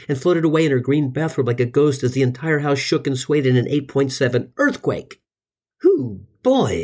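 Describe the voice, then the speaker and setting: A man in his forties, a comedy host, telling crude, exaggerated stories about family life in a husky voice. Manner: crude, exaggerated, bursts into high excited jabs. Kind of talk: comic storytelling monologue.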